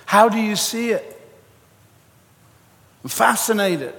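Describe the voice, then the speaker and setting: Animated male preacher in echoey hall. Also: high-pitched, slow pace, creaky. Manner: animated, storytelling, jokey asides. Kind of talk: sermon.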